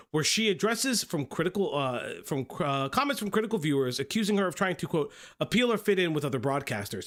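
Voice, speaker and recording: A man hosting a live-stream drama commentary in a casual, profane way, with restarts and a voice going hoarse. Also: high voice, a bit bright. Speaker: streamer host.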